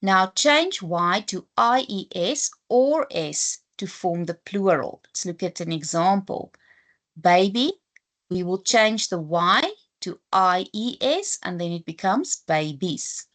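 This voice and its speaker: A woman's voice: on the low side, a bit bright. A woman teacher with a South African accent giving a patient spelling lesson, spelling out letters one by one. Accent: South African English. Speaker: English teacher. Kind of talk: slow, deliberate classroom lesson.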